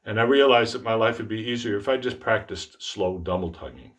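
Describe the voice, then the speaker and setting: Relaxed low-voiced male trombone teacher. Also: a little fast. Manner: relaxed, self-deprecating, speaks out articulation syllables. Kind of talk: instructional demonstration.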